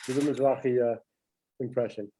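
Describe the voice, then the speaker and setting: Male podcast co-host, mid-pitched and mellow, easygoing short replies. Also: steady tone, brisk, slightly rough, rough recording. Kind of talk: casual chat.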